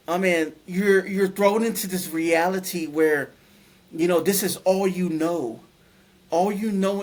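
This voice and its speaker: A middle-aged man telling a personal story in a casual, rambling way, full of restarts and fillers. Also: on the high side. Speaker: guest telling his near-death story.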